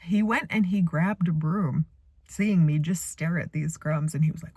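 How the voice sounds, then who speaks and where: A middle-aged woman with a fairly low voice speaks to her phone from a parked car. She coaches in a casual, animated way, slipping playful asides into her stories. The sound is close and dry, with no room around it. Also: moderate pace, dry recording. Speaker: spiritual coach. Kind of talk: casual motivational talk to camera. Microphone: phone camera.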